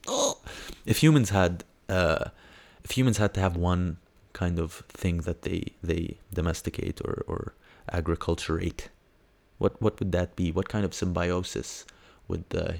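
A man hosting a casual science news podcast, rambling and hesitant with lots of fillers, now and then breaking into high squeals of delight. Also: gravelly, a little mellow. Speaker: podcast host.

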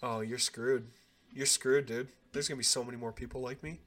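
A game master putting on a bound thug's voice, sneering and sure of himself even with a gun at his head, warning that more of his kind will come. A mid-pitched male voice with faint background hiss. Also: a little fast, close to an everyday voice. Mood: taunting. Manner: mocking, threatening, later wailing in pain. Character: captured male thug, smug and taunting.

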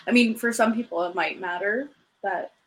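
A woman's voice: medium pitch, moderate pace, a little hiss or hum, rough recording. A young woman co-hosting a podcast, telling stories in a chatty way and laughing often. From Canada. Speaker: podcast co-host. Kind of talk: casual chat.

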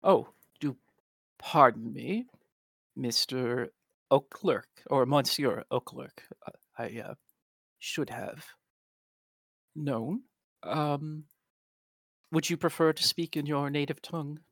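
A man voicing a mysterious young femme fatale who is gracious, smooth and politely probing in a tabletop game. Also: medium pitch, slow pace, pauses often, a bit bright, dry recording, heavily acted. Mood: courteous.

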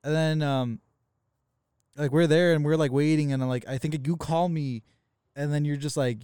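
Podcast co-host, male, smooth and slightly high, animated profane storyteller, dry close mic. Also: normal speed, pauses often, dry recording. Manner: profane, animated, acts out quoted dialogue. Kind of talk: casual storytelling chat.

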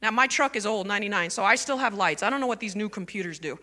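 Woman pastor preaching, chatty and lively, bright tone, big echoey church sound. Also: medium pitch, fast talker. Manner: conversational and animated, asking the congregation questions. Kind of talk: sermon. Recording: long reverb of a church hall.

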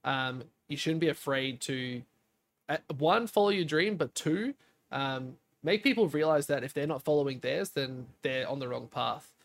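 A young man co-hosting a podcast, telling stories in a lively way, acting out quotes and swearing casually. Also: medium pitch, moderate pace, vocal fry. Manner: animated storytelling, acts out quotes. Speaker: podcast co-host, streamer.

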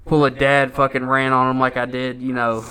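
A man's voice: mid-range voice, completely flat delivery, normal speed, bright, forceful tone, clear, resonant tone. A man co-hosting a podcast, telling a rambling story in casual chat, swearing often and filling with "like" and "you know". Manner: rambling, heavy swearing and filler words. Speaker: podcast co-host.

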